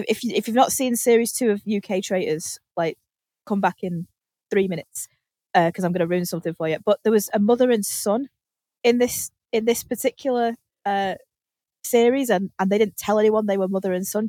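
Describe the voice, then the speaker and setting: A woman's voice: medium pitch, brisk, warm tone, no room sound. A woman hosting a podcast, telling a story in casual chat with lots of laughter and freely swearing. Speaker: podcast host.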